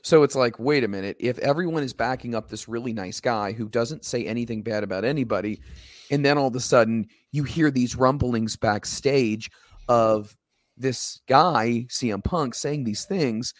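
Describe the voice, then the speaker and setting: A man's voice: mid-range voice, moderate pace, no echo, studio quality. A middle-aged man co-hosting a casual wrestling podcast, posing probing questions and building his arguments. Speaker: podcast co-host.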